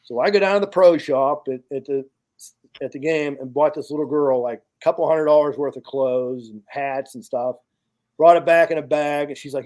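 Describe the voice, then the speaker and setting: A man from the United States talks casually and bluntly, his voice sitting a touch high for a man. He swears freely and jumps into acted-out bits of his own story with plenty of energy. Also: normal speed. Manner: blunt, profane, animated storyteller. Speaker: podcast guest, charity founder.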